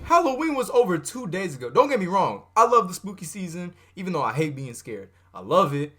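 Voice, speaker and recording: A man hosting a reaction video, chatting casually in slangy, joking, animated remarks. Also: high-pitched, fairly quick.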